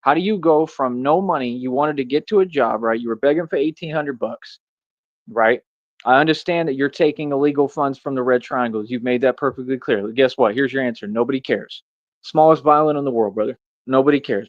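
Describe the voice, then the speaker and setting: A man rants straight at his audience, hammering the same rhetorical questions again and again. His voice sits at an ordinary pitch. The recording is dry and a little muffled. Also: no room sound. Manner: confrontational, repetitive, drawn-out rhetorical questions. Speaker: streamer. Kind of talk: ranting monologue to camera.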